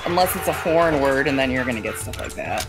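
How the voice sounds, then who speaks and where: Woman gamer, very low voice, laid-back explainer, game music behind. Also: fast, rough recording. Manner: relaxed, explains patiently. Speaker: streamer. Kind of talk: casual chat while playing.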